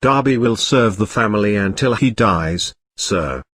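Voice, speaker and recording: A jumpy little house elf, eager to serve and quick to fret, lurching between high squeaks and a deep, cringing "sir", put on by a man. The voice swings widely in pitch and sits close and dry on the mic, like a storybook reading. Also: lively intonation, fairly bright tone, no room sound. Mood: earnest. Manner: servile, ends sentences with a low drawn "sir". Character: timid excitable male house elf servant.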